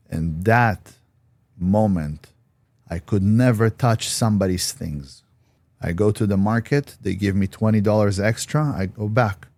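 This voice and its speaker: Blunt, deep-voiced man, dry studio sound. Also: creaky, mellow, dry recording. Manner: blunt, emphatic, swears freely. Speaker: podcast guest. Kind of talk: personal interview storytelling.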